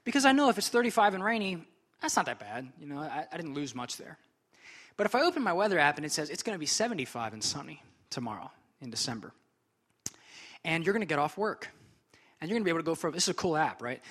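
A man's voice: high voice, lively intonation, rapid-fire, a bit bright. A young man preaching a sermon as pastor, conversational and chatty, with frequent casual asides.

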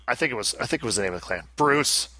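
Man, casual podcast host, bright tone, dry close recording, rambling and chatty. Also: mid-range voice, animated, rapid-fire, dry recording. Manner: rambling, self-interrupting, chatty. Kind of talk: casual chat.

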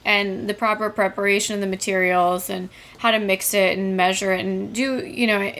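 A woman's voice: medium pitch, fairly even intonation, normal speed, a bit bright. A woman, a guest in a casual interview, explaining the technical side of her work step by step. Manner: explains step by step, many "like" fillers. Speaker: guest, toy maker. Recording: faint background noise.

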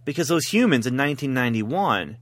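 A man's voice: medium pitch, very animated, fairly quick, no room sound. A man rambling through a story in casual chat as a podcast host, laughing at his own jokes.

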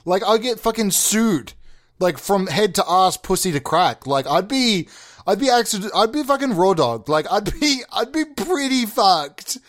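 A man's voice: high-pitched, very animated, measured pace. A young man improvising as a crude, bewildered new prime minister, rambling and swearing in disbelief. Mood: incredulous crude. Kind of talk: improvised comedy monologue.

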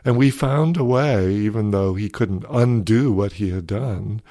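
A man, a psychologist guest on a podcast, explaining ideas in a thoughtful, measured way and telling stories. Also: lowish voice, warm tone, dry recording, studio quality.

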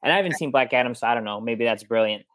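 A man's voice: mid-range voice, very fast, a bit bright, no room sound. A man in casual podcast chat, easygoing and thoughtful. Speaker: podcast co-host.

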